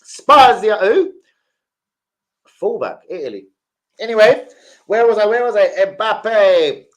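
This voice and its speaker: Speaking slowly in a high voice, a young football channel host chats about transfer news on a live stream. He's animated and jokey, reading viewers' names from the chat.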